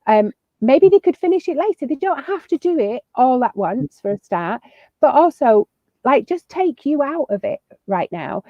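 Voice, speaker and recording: Sing-song and high-pitched, a woman speaks at a moderate pace while chatting as a guest on a video call. Her parenting advice is cheerful and casual, peppered with fillers and false starts. There's no room sound, though the lo-fi audio is a little muffled.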